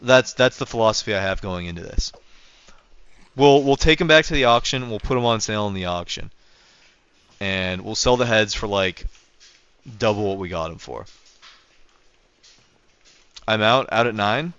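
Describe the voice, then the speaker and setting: This young man streams a game live, his lowish voice smooth and a bit bright, moving at normal speed with long pauses. He chats casually with viewers, rambling and correcting himself, through a dull lo-fi mic.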